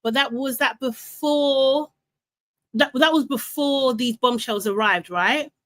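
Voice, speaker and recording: A woman's voice: sits high, slow. Chatty woman hosting a live recap. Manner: chatty and animated, laughing, reading out chat comments. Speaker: live show host. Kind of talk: casual live recap chat.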